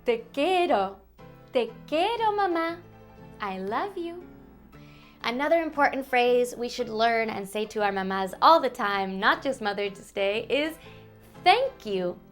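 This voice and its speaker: In a slow, sing-song bilingual lesson for toddlers, a woman teaches Spanish words, carefully exaggerating each syllable. Her voice is a little high and animated, her pace measured, with soft background music.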